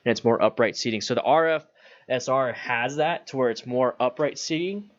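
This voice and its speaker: Male host, relaxed rambling Q&A delivery, lo-fi dry mic. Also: mid-range voice, normal speed, no echo. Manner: chatty, loose, reads viewer questions aloud. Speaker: motorcycle channel host. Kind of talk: casual livestream Q&A.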